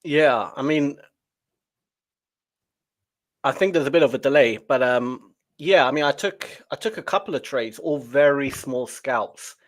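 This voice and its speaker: A man, a trading coach, chatting casually on a live stream over a remote call, relaxed and laughing easily. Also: medium pitch, measured pace.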